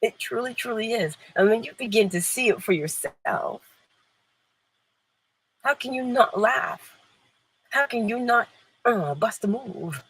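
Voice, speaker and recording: Lively woman hosting an uplifting livestream. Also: fairly high pitch, measured pace, long pauses, husky, poor audio. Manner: laughs often, playful and emphatic, reads chat. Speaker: livestream host. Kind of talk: inspirational livestream talk.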